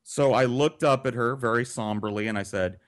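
A man spins a long personal story on a podcast, swearing freely and painting vivid pictures. His voice sits at an ordinary mid pitch. The delivery is casual and animated. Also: fairly quick.

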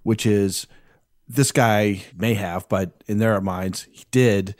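A man's voice: on the low side, steady tone, takes it slowly, no room sound, clean studio sound. A man on a podcast, talking reflectively at an uneven pace. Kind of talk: casual podcast discussion.

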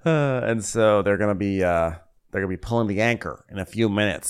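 A man co-hosting a comedy recap podcast in casual chat, sarcastic and quick to laugh. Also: clean tone. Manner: sarcastic, laughs often, jumps into high mocking voices for quotes. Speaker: podcast co-host recapping a reality show.

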